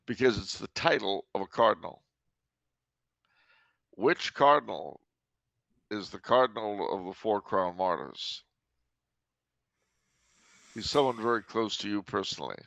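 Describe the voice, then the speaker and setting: A man's voice: on the low side, lively intonation, unhurried, vocal fry, pauses often, fairly bright tone, no echo. A man hosting a casual podcast chat, talking in a dry, teasing way and breaking into sung jokes. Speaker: podcast host.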